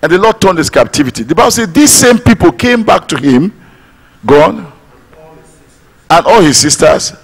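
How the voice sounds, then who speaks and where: A man preaching a sermon as pastor, emphatic, swinging from loud declamation to low quiet lines. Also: sing-song, moderate pace, pauses often, husky, big-room sound, rough recording. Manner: emphatic, rising to declamation then dropping low.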